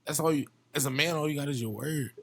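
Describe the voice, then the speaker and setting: A man's voice: on the high side, fast talker, a bit bright. A young man from Virginia, a musician guest on a podcast, talking in a passionate, profane casual chat and often repeating himself.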